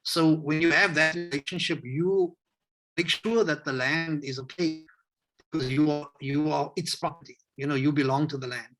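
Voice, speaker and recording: A South African man talking in a relaxed, rambling way and acting out the voices of people he quotes, as a guest on a video call interview. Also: a little high, moderate pace, a little hiss or hum. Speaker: hip hop educator, interview guest. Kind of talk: casual interview conversation.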